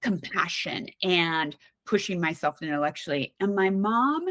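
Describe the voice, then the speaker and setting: Low-voiced woman telling candid stories. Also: a little slow, dry recording. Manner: candid, animated, with frequent restarts and laughs. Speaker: podcast guest, mountaineer. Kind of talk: casual conversational storytelling.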